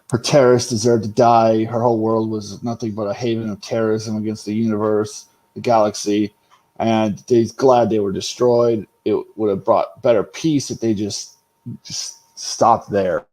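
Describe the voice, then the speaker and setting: Guy streaming a show breakdown, kinda low voice, rambles, swears a ton. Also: darkish tone. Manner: rambling, swears a lot, talks to chat. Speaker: livestream host recapping a show episode. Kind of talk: casual unscripted live-stream chat.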